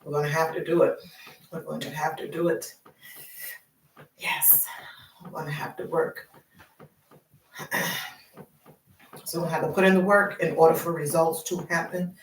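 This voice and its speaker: A woman's voice: low-pitched, flat delivery, moderate pace, pauses often, echoey room, recorded from a distance, a little hiss or hum, poor audio. A middle-aged woman chatting live while walking, out of breath, upbeat and encouraging, and she repeats her phrases. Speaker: vlogger.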